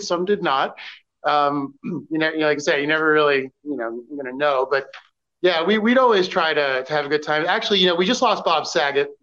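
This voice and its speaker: Halting storyteller man, muffled sound. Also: a little high, fairly bright tone. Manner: halting, many fillers and restarts. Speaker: former paparazzi photographer guest. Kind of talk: casual podcast storytelling.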